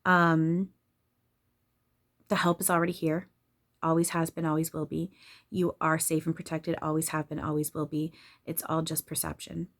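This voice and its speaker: A woman's voice: deep voice, level tone, normal speed, long pauses. A woman channeler talking casually and candidly about spirituality, swearing freely and laughing often.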